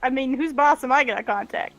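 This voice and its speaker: A young woman with a high, light voice tells her stories in a lively, easy way and laughs often. The sound is close and dry, with no room around it. She is chatting casually with friends on a remote call before a tabletop game. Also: a little fast, no room sound, low-quality recording. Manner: lively storytelling, laughs easily. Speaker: player in an online tabletop game. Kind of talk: casual chat.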